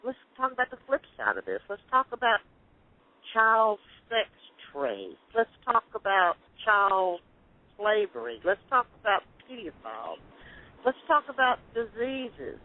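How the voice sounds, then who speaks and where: A woman's voice: medium pitch, big pitch swings, measured pace. A woman co-hosting a talk radio show, speaking in emphatic, repeated phrases. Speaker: radio co-host. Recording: tinny phone-like audio.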